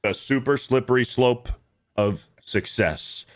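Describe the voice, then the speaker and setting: A man's voice: medium pitch, slow. A man co-hosting a casual morning show, joking and playful in his banter. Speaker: co-host.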